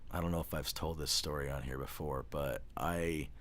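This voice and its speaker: A man's voice: extremely low pitch, steady tone, moderate pace, a bit bright. A young man hosting a casual podcast chat, rambling through stories and acting out the people in them. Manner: rambling storyteller, acts out quoted people. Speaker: podcast host.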